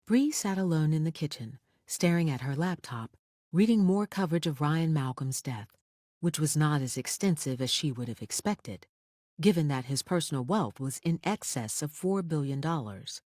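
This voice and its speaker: An audiobook narrator reading a thriller in a measured, expressive storytelling manner on a close studio mic. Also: mid-range voice, no room sound.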